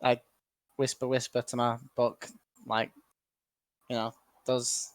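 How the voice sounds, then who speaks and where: A man's voice: medium pitch, completely flat delivery, slow pace, pauses often, no echo. A man playing a tabletop game, joking and bantering playfully with his group. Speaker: player.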